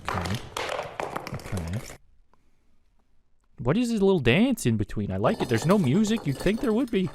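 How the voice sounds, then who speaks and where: Playful man with a lively, bouncing voice. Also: high voice, quick pace, few pauses, slight background noise. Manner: joking, playful, exclamatory. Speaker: reaction video creator. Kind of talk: comic reaction commentary.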